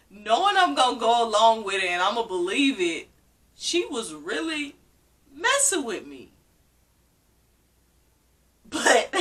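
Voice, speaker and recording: A young woman with a bright, clear, medium-pitched voice tells a personal story on her vlog. She's casual and lively, laughing often and relying on the word "literally," and she sits a bit away from the microphone.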